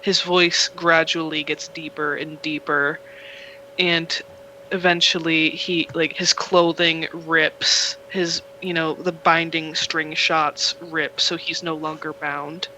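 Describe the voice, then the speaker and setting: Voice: medium pitch, level tone, slow, sharp tone, a little hiss or hum, poor audio. A game master narrating a tabletop game in a casual, rambling way, full of fillers. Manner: rambling, filler-heavy storytelling.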